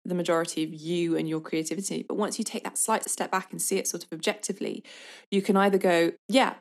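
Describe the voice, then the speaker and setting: A woman songwriter in her thirties talking in a podcast interview, telling stories with lively acted-out quotes. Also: fairly low pitch, vocal fry. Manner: animated storyteller, acts out quotes with quick bursts. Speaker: songwriter guest.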